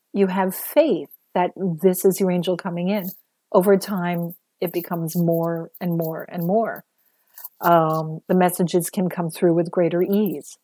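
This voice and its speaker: A woman's voice: on the low side, mellow, dry recording. A woman giving a casual livestream talk as a spiritual teacher, chatty and earnest with many fillers, a little sore after a busy day.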